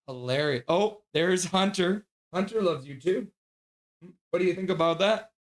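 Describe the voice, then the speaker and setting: Calling a game play by play on his home fan livestream, this man speaks at normal speed in a voice that sits high. Between excited shouts at big plays, he coos to his dog in baby talk.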